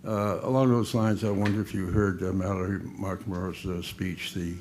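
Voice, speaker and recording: Hesitant low-voiced man in the audience. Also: level tone, normal speed, darkish tone, a little hiss or hum. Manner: hesitant, many uhs. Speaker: audience member asking a question. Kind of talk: question from the floor.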